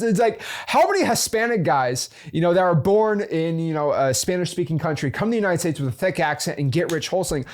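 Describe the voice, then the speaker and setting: Man, casual motivational host, very lively pitch, devil's-advocate delivery, fillers and restarts. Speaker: host of a real estate investing channel.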